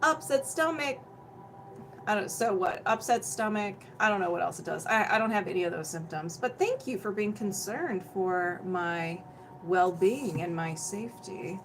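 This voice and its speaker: A woman's voice: lowish voice, moderate pace, a little hiss or hum, rough recording. A young woman hosting a casual energy healing livestream at home, bubbly and chatty, greeting viewers by name and laughing often, feeling hot and sweaty. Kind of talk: casual livestream chat and explanation.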